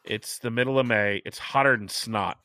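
A middle-aged man hosting a casual chat, talking chattily and stressing key points by slowing down. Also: mid-range voice, pushed and bright, no echo, studio quality. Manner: chatty, emphatic, repeats points slowly for stress.

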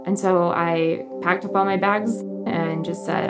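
A young woman, a journalist, telling her personal story in an earnest, emotional way, often halting and restarting. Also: lowish voice, fairly even intonation, over loud music.

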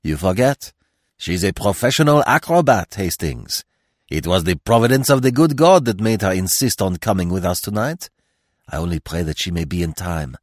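A man reading aloud, voicing a fastidious older male Belgian detective who speaks curtly and drops French words. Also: low voice, animated, dry recording, clean studio sound. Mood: tense. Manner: curt, commanding, sprinkled with French.

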